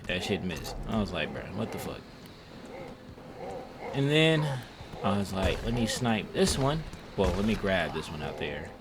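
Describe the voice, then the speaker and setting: Young male gamer, lowish voice, loose profane play-by-play, noisy room. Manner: slangy, profane, self-mocking storytelling. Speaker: gameplay commentator. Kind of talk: casual gameplay commentary.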